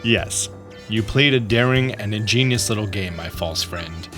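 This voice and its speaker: A man voicing a pompous, self-assured male detective in a lowered, slow voice. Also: over music, close to an everyday voice.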